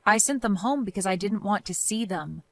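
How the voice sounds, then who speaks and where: A young woman narrating her own story and playing its lead, speaking in a cold, firm and measured way as scripted story voice acting. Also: medium pitch, animated, a bit bright, dry recording. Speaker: narrator and main character.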